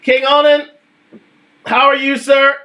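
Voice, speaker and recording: A man's voice: extremely high pitch, monotone, slow, pushed and bright. A young adult man hosting a casual livestream, talking emphatically and repeating his points. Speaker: livestream host.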